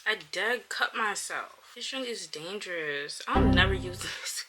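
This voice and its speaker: A woman's voice: medium pitch, expressive, a little slow, few pauses, sharp tone, breathy edge. A woman in her twenties chatting casually to camera in a playful, self-joking way. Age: 20s. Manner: playful and chatty, laughs and jokes at herself. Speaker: vlogger. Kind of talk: casual vlog chat to camera.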